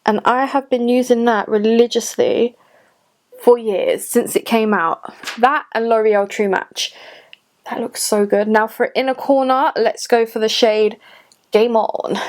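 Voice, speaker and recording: A woman in her late twenties, a beauty vlogger, chats casually through a makeup tutorial at a cluttered desk in a room at home. Her voice is a little high and a little slow, with fairly even intonation, and she gushes and talks to herself as she works.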